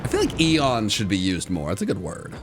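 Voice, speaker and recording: A young man co-hosting a casual gaming chat, playful and jokey, with excitable reactions. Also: fairly low pitch, fairly quick. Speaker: co-host of a gaming channel.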